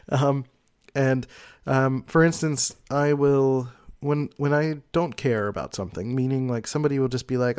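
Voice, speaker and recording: A man explaining personality types in a casual, rambling monologue, peppered with "like" and soft laughs. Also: medium pitch, steady tone, normal speed, smooth, dry recording, clean studio sound. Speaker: personality type commentator.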